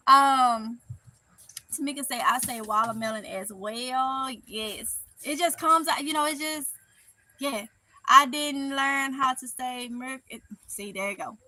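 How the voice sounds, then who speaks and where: A woman's voice: high-pitched, pushed and bright, no room sound, low-quality recording. A middle-aged woman with a Mississippi accent hosting a casual livestream, reading chat comments in a chatty, playful way with heavy Southern dialect and frequent laughs.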